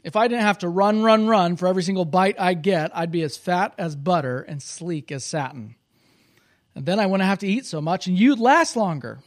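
A man voicing a scrawny, hungry male lion from a children's storybook, loud and grumbling. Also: sits high, expressive, moderate pace, no echo, studio quality.

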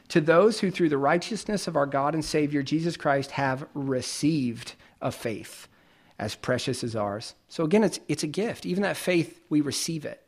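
Man preaching a lively conversational sermon. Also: fairly high pitch. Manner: conversational preaching with everyday examples. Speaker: pastor.

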